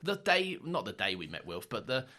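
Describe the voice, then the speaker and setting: A young man co-hosting a podcast in casual chat, animated, laughing often and swearing casually. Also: medium pitch, normal speed. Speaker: podcast co-host.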